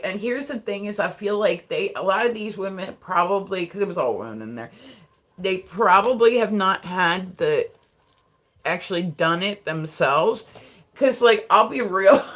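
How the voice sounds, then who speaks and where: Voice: mid-range voice, fairly bright tone. Rambling streamer from Delaware. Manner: rambling, filler-heavy, laughs often. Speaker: livestreamer. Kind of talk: casual live-stream chat.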